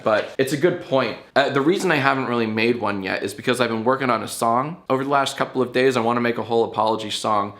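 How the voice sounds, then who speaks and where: A man hosts his own YouTube show, chatting casually and playfully to the camera in a slightly bright voice. His pitch jumps up and down as he spells things out.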